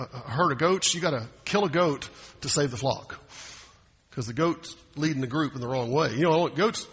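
A man's voice: a little high, sharp tone, slightly rough, long reverb tail. A man preaching a sermon as pastor, folksy and often asking the congregation questions.

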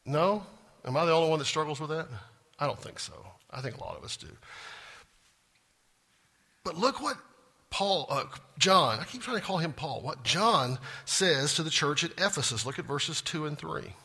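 Man, pastor's sermon, bright tone, husky edge, talks with the congregation. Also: fairly high pitch, expressive, moderate pace. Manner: conversational, asks the congregation questions, jokes at himself. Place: church sanctuary.

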